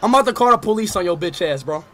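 A young man livestreaming, taunting and trash-talking loudly, often breaking into shouts. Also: sits high, animated, racing. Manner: loud, taunting, swings to shouting. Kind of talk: heated livestream banter.

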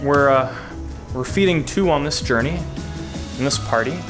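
A man's voice: medium pitch, normal speed, over music. A young man playing a VR game and joking his way through it with goofy, casual commentary. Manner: goofy, playful, swears casually. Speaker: gaming video creator.

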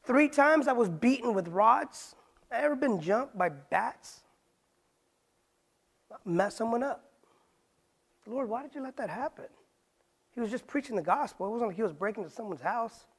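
A man's voice: high-pitched, expressive, moderate pace, pauses often, husky. A man preaching in a Bible study sermon, asking rhetorical questions and using casual street slang. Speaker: pastor.

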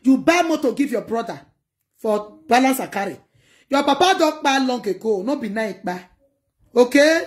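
A Nigerian woman chatting casually to her viewers on a livestream, in an animated way that mixes pidgin with another local language. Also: fairly high pitch, normal speed. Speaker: livestream host.

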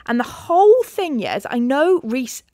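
A woman co-hosting a podcast in casual book-club chat, retelling the plot with quick quoted voices and frequent swearing. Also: high-pitched, very animated, dark tone, no echo, clean studio sound. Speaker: podcast co-host.

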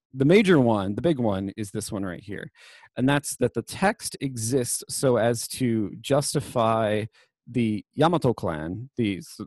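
A man's voice: mid-range voice, darkish tone, no room sound. A young man giving a casual university lecture on literature, chatty and full of fillers and self-corrections.

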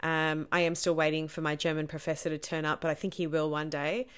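Chatty actress, self-deprecating. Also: female voice, sits low, flat delivery, fairly quick, fairly bright tone, clear, resonant tone. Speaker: stage actor. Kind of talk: casual Q&A answers to camera.

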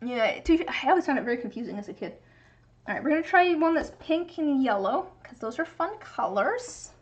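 Young woman streamer, high voice, casual rambling crafting chat, slightly dull lo-fi mic. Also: sing-song, fairly quick. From United States. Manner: rambling, musing aloud, reading chat. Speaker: livestreamer.

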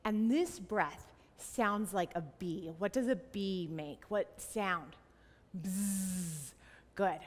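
A woman's voice: mid-range voice, lively intonation, slow pace. A young woman leading a yoga class for children, playful, sing-song and encouraging, with animal sounds. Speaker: kids yoga teacher. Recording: long reverb in a large room.

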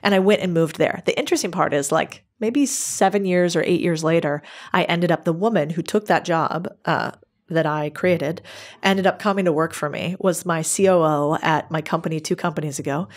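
A woman with a slightly low voice tells stories as a podcast guest. Her delivery is casual, brisk and frank. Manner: lively storyteller, brisk and candid. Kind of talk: casual interview storytelling.

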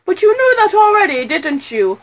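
A woman's voice: extremely high pitch, big pitch swings, moderate pace, voice pushed up, poor audio. A woman voicing a smug, pompous male prosecutor who talks down to others.

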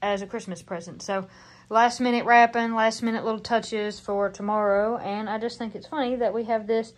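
A woman's voice: a little high, steady tone, moderate pace. A young woman with a Southern Appalachian accent, chatting casually in a family vlog at home. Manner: chatty, rambling, says "like" often. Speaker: vlogger. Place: family house, kitchen.

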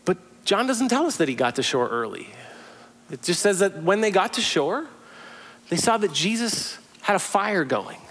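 A male pastor preaching in a relaxed, conversational way. He tells the story as if picturing it out loud, with casual asides along the way. His voice sits high for a man. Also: normal speed. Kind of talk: sermon.

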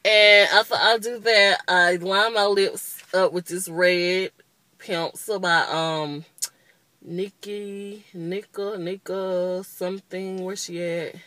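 A woman's voice: lowish voice, fairly even intonation, takes it slowly, bright, forceful tone, dry recording. A woman in her twenties giving a casual, rambling makeup review, openly annoyed and chatty. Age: 20s. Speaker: beauty vlogger.

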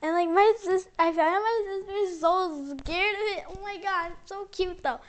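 A woman's voice: extremely high pitch, moderate pace. A young woman from the United States chatting casually at home in a bubbly, rambling vlog, full of "like" fillers. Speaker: vlogger.

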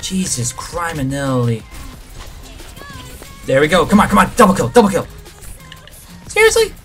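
A man commenting live on his gameplay, his voice swinging widely in pitch as he yelps and mutters to himself. Faint game music plays behind him. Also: normal speed. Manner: excitable, reacts loudly to the action, mutters to himself. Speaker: gaming channel host.

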